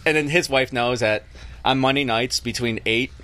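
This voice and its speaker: A man's voice: medium pitch, moderate pace, a bit bright, a little hiss or hum. A man telling long rambling stories in casual chat on a podcast. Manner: rambling storyteller, laughs at own stories.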